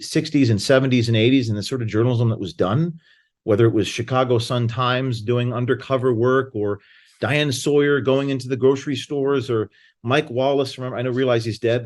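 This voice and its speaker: In a relaxed conversation, a male guest talks emphatically about his own experiences in a middle-pitched voice, telling anecdotes. His thoughts outrun him, so he often stumbles and restarts mid-sentence.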